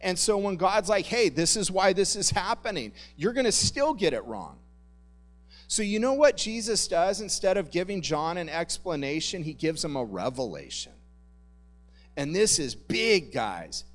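A pastor giving a relaxed, conversational sermon, joking and calling his listeners "guys.". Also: sits high, measured pace, soft background music. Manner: conversational, jokey, addresses the congregation as "guys". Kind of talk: casual sermon.

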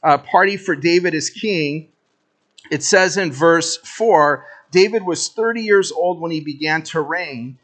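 A male pastor giving a conversational sermon, reading scripture aloud and then acting out his own impatience with lively, animated energy. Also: on the high side, unhurried.

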